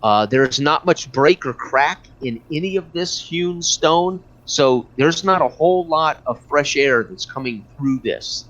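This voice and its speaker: A man's voice: a little high, animated, a little slow, few pauses, a bit bright. Guy running a tabletop game, lots of uh's, muffled lo-fi sound. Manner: hesitant, many fillers and restarts. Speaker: game master. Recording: dull lo-fi recording.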